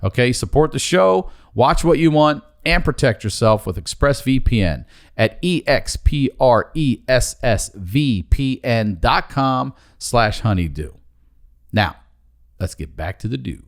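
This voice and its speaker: Male podcast host, lively intonation, casual chat. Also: mid-range voice, slow. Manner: lively, laughs loudly along.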